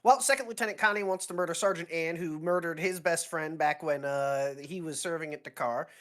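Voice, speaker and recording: Earnest young male pilot lieutenant, voiced by a hoarse player, polite clipped replies, tabletop role-play voice, a bit higher and louder. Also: fairly quick, close to an everyday voice. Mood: dutiful. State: sore throat.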